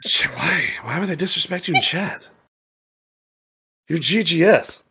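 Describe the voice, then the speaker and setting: Young adult man, gaming streamer; casual, profane storyteller with a very lively, swinging pitch. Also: unhurried, breathy edge. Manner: animated, profane, laughing storyteller.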